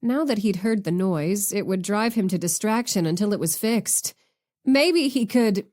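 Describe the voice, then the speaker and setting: A woman's voice: medium pitch, expressive, a little slow, a little mellow. Woman narrating a romance audiobook. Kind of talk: scripted narration.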